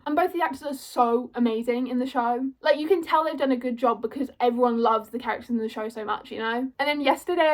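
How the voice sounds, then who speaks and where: A twenty-year-old British woman rambling excitedly to camera as a fan, gushing and full of fillers. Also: sits high. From Britain. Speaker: vlogger.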